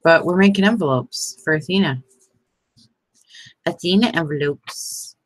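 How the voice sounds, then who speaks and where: A woman's voice: fairly low pitch, unhurried, no room sound, rough recording. A woman chatting casually to her viewers while making envelopes, laughing often and talking to them by name. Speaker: crafting vlogger. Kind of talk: casual crafting chat.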